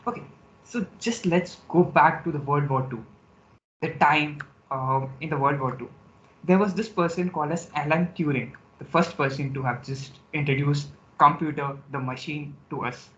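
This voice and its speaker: A man opens a presentation on a video call, his voice a little raised in pitch. He speaks haltingly. The call audio sounds dull and lo-fi. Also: sharp tone. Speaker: session presenter. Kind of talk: presentation with screen share.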